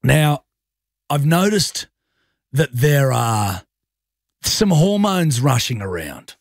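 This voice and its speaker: Radio host telling a story. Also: male voice, medium pitch, big pitch swings, takes it slowly, dry recording, clean studio sound. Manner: storytelling, self-mocking. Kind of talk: breakfast radio banter. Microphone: studio mic.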